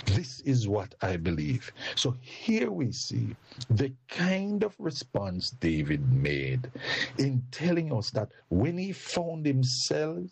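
A male preacher delivers a sermon at an unhurried, deliberate pace. His voice is gravelly and husky, and it rises and falls in wide, lively swings of pitch. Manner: slow and deliberate with sweeping pitch.

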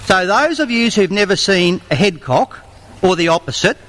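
A man's voice: high-pitched, lively intonation, moderate pace, a bit bright, rough recording. An Australian man with a cheeky, bawdy manner, leading an audience sing-along with comic stage patter at a live venue. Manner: cheeky, bawdy banter with the crowd.

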